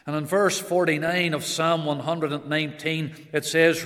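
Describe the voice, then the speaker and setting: Male preacher, deliberate sermon delivery, reverberant church hall sound. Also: on the high side, flat delivery, a bit bright. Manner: slow, earnest preaching with swells of emphasis.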